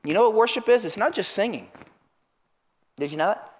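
A man preaching a sermon in church, asking the congregation questions and urging them to answer out loud. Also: high voice, brisk. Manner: animated, calls out questions to the congregation. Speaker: pastor. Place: church sanctuary.

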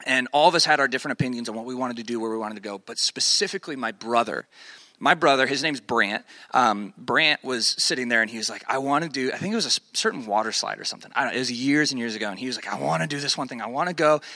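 Animated young man telling a family story. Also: mid-range voice, fast, no room sound. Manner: animated storyteller, acts out quoted voices, many fillers. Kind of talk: casual personal storytelling.

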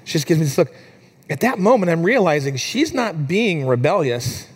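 A man's voice: sing-song, normal speed, breathy edge. Conversational man preaching a sermon. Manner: conversational storytelling with fillers, rising higher and softer in emotional moments. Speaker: pastor.

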